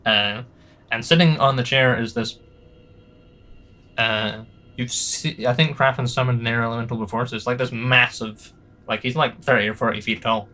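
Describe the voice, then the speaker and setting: A man's voice: medium pitch, steady tone, normal speed, pushed and bright. A man narrating as game master in a tabletop game, rambling with many fillers and restarts. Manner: rambling, hesitant, lots of fillers.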